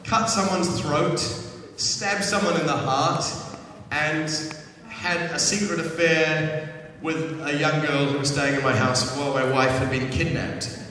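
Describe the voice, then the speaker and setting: A man's voice: a little high, steady tone, a little slow, pushed and bright, slight background noise. A man telling playful, self-mocking stories about his acting work to a live audience, with many restarts. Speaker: actor speaking to an audience. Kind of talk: casual anecdotes on stage. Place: large hall before an audience. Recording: echoey hall, far from the mic. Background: audience sounds.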